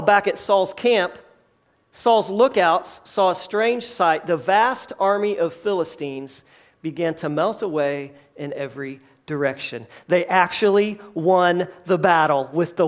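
A pastor preaching a sermon, telling a story with lively asides, jokes and acted-out quotes. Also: male voice, sits high. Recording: live address to a congregation.

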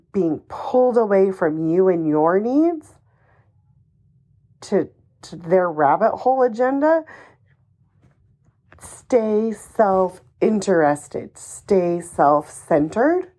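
A woman hosts her own advice podcast, speaking at an unhurried, deliberate pace. She is emphatic and encouraging, a little ranty at times, and drops a casual swear word now and then. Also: fairly low pitch, dark tone. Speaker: podcast host. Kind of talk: solo podcast advice monologue.

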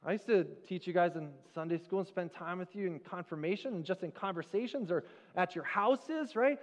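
A high-voiced male pastor preaching a sermon in a church sanctuary. He tells the story in a conversational, animated way, and his voice trails off into a long reverb. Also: brisk, dull audio.

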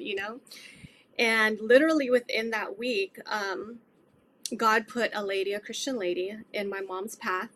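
A woman's voice: mid-range voice, steady tone, moderate pace, fairly bright tone, slight background noise. A middle-aged woman earnestly telling her faith testimony in an interview, rambling with many fillers. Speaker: guest sharing her testimony.

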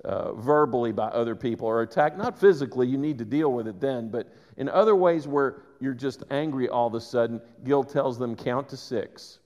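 A man preaching a sermon, conversational and animated, with quick asides to the congregation. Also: medium pitch. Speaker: pastor. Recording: reverberant church hall.

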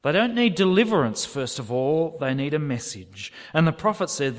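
A man delivers a sermon with a lively, swooping voice that sits a little high. His words ring out through a church hall with long reverb. He reads scripture quotes dramatically. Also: moderate pace, few pauses. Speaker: preacher.

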